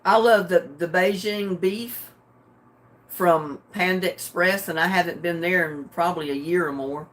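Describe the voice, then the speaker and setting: An older woman chatting casually with her livestream viewers, drowsy and relaxed, homey and chuckling often. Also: on the low side, moderate pace, hardly any pauses. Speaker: livestream host. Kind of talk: casual chat with live viewers.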